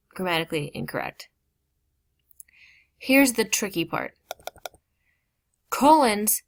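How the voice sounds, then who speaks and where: A woman's voice: medium pitch, a bit bright. Woman teaching a grammar lesson. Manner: explains slowly, stressing key words, with casual asides.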